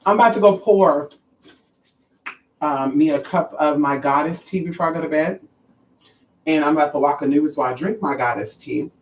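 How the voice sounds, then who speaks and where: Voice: mid-range voice, moderate pace, long pauses, a little hiss or hum. Sassy livestreamer in a roomy space. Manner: sassy, animated, profane, calls listeners honey and girl. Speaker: livestream host. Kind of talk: casual livestream chat to viewers. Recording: roomy and distant from the mic.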